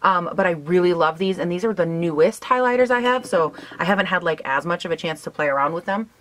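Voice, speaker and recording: A woman's voice: on the low side, expressive, quick pace, a little hiss or hum. A young woman in her twenties chatting casually while doing her makeup, filling her talk with "like" and "um" and laughing often. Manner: chatty, giggly, lots of "like" and "um". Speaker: beauty vlogger.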